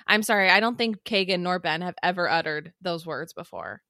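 A woman's voice: lowish voice, animated, brisk, sharp tone, no echo. A young woman co-hosting a podcast in casual chat, wry and teasing with dry asides. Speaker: podcast co-host.

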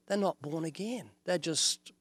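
An older evangelist with a New Zealand accent speaks earnestly on an interview show. His voice sits somewhat high for a man. He often slips into quoted dialogue to make his points. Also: unhurried, breathy edge, dry recording. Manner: earnest, illustrative, quotes scripture and acts out dialogues. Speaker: evangelist guest. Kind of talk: preaching in an interview.

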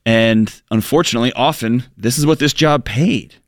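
A man's voice: mid-range voice, moderate pace, no echo. Male co-host, reflective, thinks aloud with restarts, close dry studio sound. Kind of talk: casual radio show chat.

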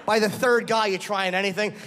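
A male comedian with a high-pitched voice, fairly even intonation, and a slightly fast pace does crude, self-deprecating stand-up, putting on acted voices for bits. He's on a comedy club stage with a laughing crowd, recorded in an echoey room with audience noise.

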